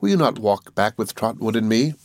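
A man reading aloud, voicing a gentle young woman who asks her father anxiously. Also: fairly low pitch, big pitch swings, brisk, dry recording. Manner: soft, anxious.

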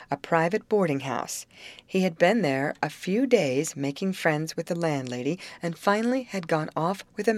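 A woman narrating a storybook chapter in an even, measured manner. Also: low voice, no echo. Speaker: audiobook narrator. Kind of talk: scripted narration.

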